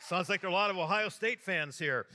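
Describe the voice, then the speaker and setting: Michigan bishop doing a homily for a youth crowd, jokey and animated, bright fairly high voice. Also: male voice, quick pace. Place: large hall with a youth audience.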